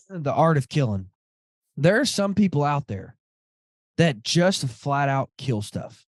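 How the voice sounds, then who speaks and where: A man hosting a podcast, telling a story in a casual, animated way and acting out the dialogue. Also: a little high, slow pace, no room sound, studio quality. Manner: animated, quotes friends in dialogue, says dude a lot. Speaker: podcast host.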